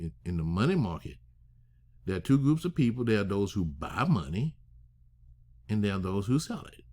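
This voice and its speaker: A man teaching a masterclass on structuring deals, emphatic, asking rhetorical questions and slowing down to stress key phrases. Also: low-pitched, warm tone. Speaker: real estate finance instructor.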